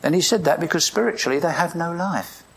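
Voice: medium pitch, lively intonation, a little fast, creaky, slightly rough. A preacher delivering a morning sermon, reading scripture aloud and asking the congregation questions in a reflective way.

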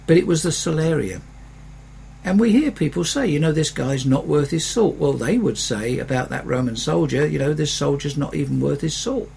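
A man's voice: a little high, creaky, a little mellow, slight background noise, rough recording. A man preaching a sermon as a pastor, in an earnest, conversational way that often swells into emphatic rises.

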